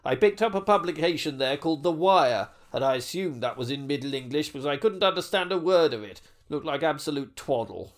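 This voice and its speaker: A man's voice: fairly high pitch, a little fast, hardly any pauses. A man doing a pompous clueless toff. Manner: pompous, deadpan, mock-scholarly. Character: pompous upper-class man, clueless tourist. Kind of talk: comedy sketch.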